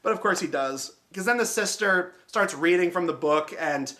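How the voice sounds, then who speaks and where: Sarcastic, bright-voiced male film reviewer. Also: high-pitched, moderate pace. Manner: sarcastic, swears freely, mocking. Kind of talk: casual spoken review.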